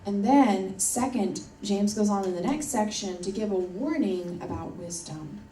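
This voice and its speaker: In a church hall, a woman gives an emphatic, earnest sermon, returning again and again to her key points. Her voice is mid-range and dark, a little slow, and the distant, roomy recording carries slight background noise.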